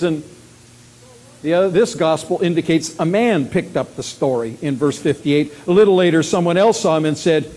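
A man preaching a sermon. He acts out quoted lines loudly and drops to a quiet voice when he reflects. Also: a little high, moderate pace. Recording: long hall reverb with faint hiss.

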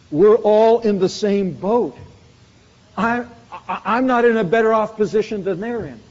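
A man's voice: sits high, a little slow, a little mellow. A man preaching a sermon with an emphatic, repetitive cadence. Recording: muffled recording in a reverberant hall.

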